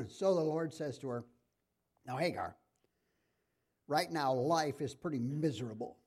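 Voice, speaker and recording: A man's voice: a little high, lively intonation, slow, slightly rough. A middle-aged man preaching a sermon in a conversational way, asking his congregation questions.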